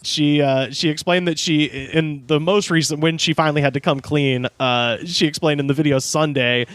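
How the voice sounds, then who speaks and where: A man's voice: a little high, steady tone, normal speed, a bit bright, smooth, no room sound. A man co-hosting a comedy podcast, reading out celebrity news with laughing, profane asides. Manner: reads news quotes with laughing asides, swears freely. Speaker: podcast co-host. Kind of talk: casual comedic chat.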